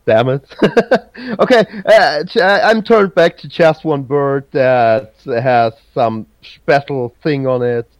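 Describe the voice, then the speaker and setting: A man's voice: medium pitch, slow pace, dry recording. A man hosting a casual podcast quiz. He halts, restarts and searches for his words. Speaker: podcast host running a trivia quiz. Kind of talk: casual chat.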